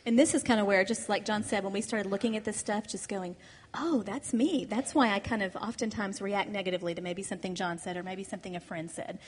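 Middle-aged female co-host, mid pitch, candid and reflective, long hall reverb. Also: fairly even intonation, quick pace. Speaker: marriage workshop co-speaker. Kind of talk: conversational seminar teaching.

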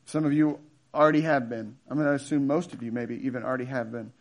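A man in his thirties preaching a sermon in a casual, joking storytelling way with animated asides. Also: mid-range voice, fast talker. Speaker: pastor.

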